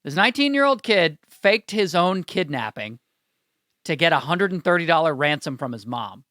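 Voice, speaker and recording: A man co-hosting a comedy podcast, telling a news story in a wry, deadpan way. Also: fairly high pitch, moderate pace, no room sound, studio quality. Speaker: podcast co-host. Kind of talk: casual comedic chat.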